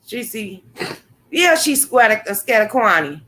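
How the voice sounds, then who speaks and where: A woman with a slightly high voice hosts a casual livestream, talking straight to her viewers. She is blunt and animated, swearing freely as she comments and answers the chat. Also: unhurried. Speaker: livestream host. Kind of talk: casual live-stream commentary.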